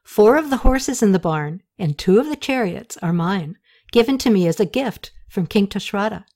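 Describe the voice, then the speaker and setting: A woman narrating a historical novel as an audiobook in calm, even storytelling. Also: mid-range voice, normal speed.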